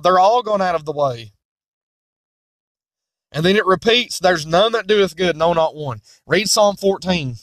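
A man's voice: sits high, lively intonation, measured pace, long pauses, fairly bright tone, no room sound. A male preacher delivering an emphatic, repetitive sermon that quotes King James scripture. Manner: voices imagined objections in a mocking tone.

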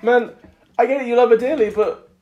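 This is a young man, talking quickly as he banters on a casual podcast. He tells stories with lots of animation. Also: very high-pitched, steady tone, phone-quality sound, slight background noise. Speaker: podcast co-host. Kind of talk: casual chat.

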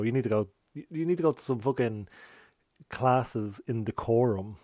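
Brief: male podcast host, mid-pitched voice, loose and teasing, swears a lot, dry close recording. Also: moderate pace, darkish tone, no echo. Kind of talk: casual chat.

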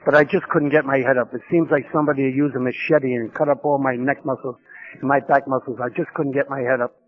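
A man's voice: mid-range voice, fairly even intonation, quick pace, narrow, tinny audio. A man from New York, telling his recovery story at a conference in a humorous, self-mocking way with vivid repetition.

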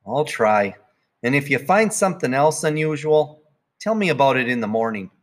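A man's voice: medium pitch, sing-song, normal speed, lightly acted. A man voicing a sleepy, patient father in a storybook reading, weary and mildly exasperated.

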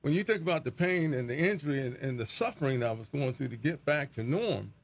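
A man's voice: fairly high pitch, animated, fast, creaky. A middle-aged man, a pastor, giving an earnest, reflective testimony as an interview guest and often repeating words as he searches for them.

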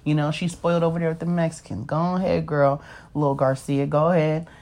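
This woman, in her 30s, talks briskly in a low, fairly monotone voice with a darkish tone. Her casual personal monologue rambles through her life story, punctuated often by "you know what I mean?"

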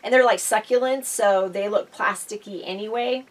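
A woman's voice: mid-range voice, normal speed. Middle-aged woman co-hosting a podcast, chatty storytelling with lots of laughing, a bit far from the mic. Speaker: podcast co-host. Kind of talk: casual chat.

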